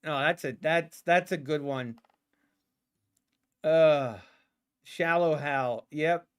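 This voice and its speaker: A man's voice: a little high, slow, smooth. A man streaming his day trading live, chatting casually and talking to the market in a playful, sarcastic way, laughing often. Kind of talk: casual livestream commentary.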